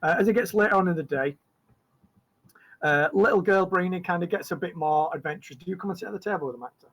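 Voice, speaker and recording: Rambling game master. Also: male voice, high voice, fast, fairly bright tone, low-quality recording. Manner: rambling, full of fillers and restarts. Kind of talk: narrating a tabletop game.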